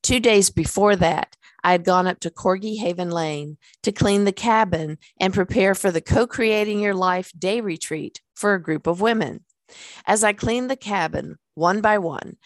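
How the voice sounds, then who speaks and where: A woman's voice: medium pitch, no room sound. A woman, a life coach, reading her own memoir aloud in an earnest way, with small laughs and fillers in the asides.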